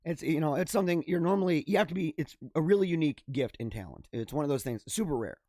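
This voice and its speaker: A podcast host with a highish, warm voice speaks fast and expressively in a clean, dry studio recording. He reads odd news stories casually to his viewers and riffs on them with lots of laughter.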